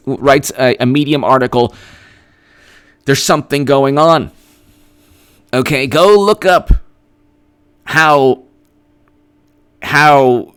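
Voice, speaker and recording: Sarcastic man, slow mocking commentary. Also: medium pitch, a bit bright, clean tone. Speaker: political commentary host. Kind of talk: live-stream political commentary.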